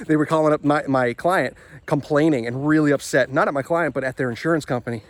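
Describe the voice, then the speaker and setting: A man running a marketing agency gives a casual sales pitch while walking up a hill outdoors, talking chattily and checking in with the listener. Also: a little fast. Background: wind and passing traffic.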